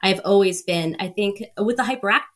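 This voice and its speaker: Here a bit bright, medium-pitched voice moves a little fast. It belongs to a thirty-something woman guesting on a podcast, who energetically spins casual stories, laughs a lot and performs the voices of those she quotes.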